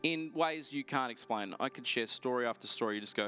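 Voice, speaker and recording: A middle-aged man preaching a sermon, telling stories in a lively, animated way. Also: medium pitch, faint music behind. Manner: lively, animated storytelling with quick asides. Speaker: pastor. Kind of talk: storytelling sermon.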